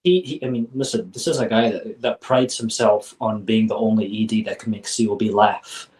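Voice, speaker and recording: A man's voice: fairly low pitch, moderate pace, darkish tone. A man speaking as an interview guest, candid and blunt, often restarting his sentences and swearing. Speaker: interview guest, former member. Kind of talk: casual interview. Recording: voice sounds distant from mic.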